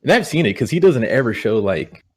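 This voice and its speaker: A young man telling personal stories in a relaxed, rambling way, full of "you know". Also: mid-range voice, fairly quick, husky. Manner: rambling, repeats words, many "you know"s. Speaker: guest. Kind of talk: casual podcast storytelling. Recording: audio-only podcast.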